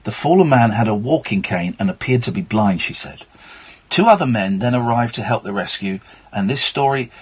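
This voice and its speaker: Brief: male late-night radio host, husky, animated pitch, wry asides. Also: moderate pace. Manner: chatty, wry, reading news aloud with asides. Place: radio studio.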